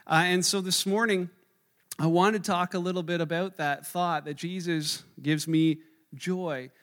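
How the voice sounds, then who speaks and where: A pastor giving a conversational, animated sermon, often acting out the people in his stories. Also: high-pitched, unhurried.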